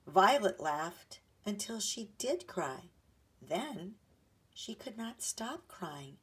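A woman narrating a children's chapter book in a gentle, read-aloud manner. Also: mid-range voice, breathy edge. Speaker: audiobook narrator. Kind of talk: storybook narration.

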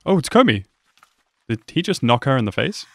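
Talking back at the screen, a young man offers excitable, casual reactions to an anime episode. He speaks fairly quickly in a gravelly, medium-pitched voice, recorded without echo.

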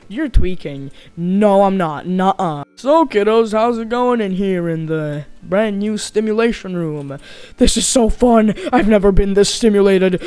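A performer voicing every character in a comedic animated skit, switching between goofy character voices. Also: mid-range voice, clean tone, dry recording. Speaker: voice actor for all characters. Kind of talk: comedic machinima voice acting.

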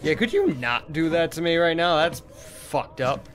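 A man's voice: fairly high pitch, animated, a little slow, few pauses, a bit bright, slight background noise. A young man giving gameplay commentary, frustrated and swearing as he mutters to himself. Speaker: gaming video host.

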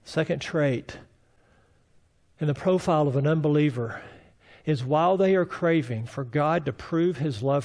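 A man's voice: on the high side, animated, moderate pace, darkish tone. A man preaching a sermon as pastor, building to fervent, rising declarations. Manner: preaching with rising fervor and mock voices of doubters.

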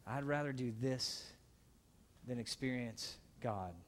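Slowly and earnestly, a man delivers a sermon as pastor in a mid-range voice, alternating emphatic stretches with quiet, soft-spoken moments.

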